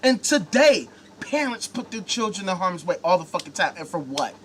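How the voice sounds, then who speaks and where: Host, male, high bright voice, furious profane rant, sarcastic. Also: sing-song, moderate pace, slight background noise. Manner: angry, sarcastic, heavy swearing. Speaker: talk show host. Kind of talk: profane live-stream rant.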